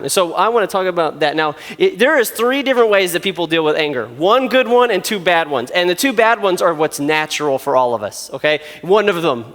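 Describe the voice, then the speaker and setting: A man's voice: high voice, a bit bright, long reverb tail. A man preaching a casual, joking sermon as pastor, chatty and full of fillers and asides.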